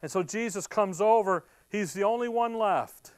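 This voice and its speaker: Male preacher with a high clear voice, lively bible teaching, dry close sound. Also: dry recording. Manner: animated, acts out scenes in quick bursts.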